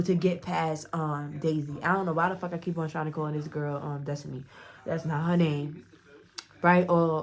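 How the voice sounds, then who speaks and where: A woman vlogger telling a storytime in a blunt, profane way, acting out the dialogue as she goes. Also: deep voice. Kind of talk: casual storytime narration.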